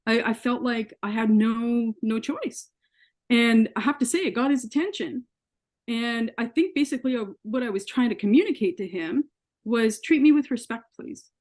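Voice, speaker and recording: A woman's voice: on the high side, animated, moderate pace, darkish tone. Earnest woman telling her story. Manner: earnest storytelling, acts out quoted dialogue. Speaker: interview guest. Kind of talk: personal story in an interview.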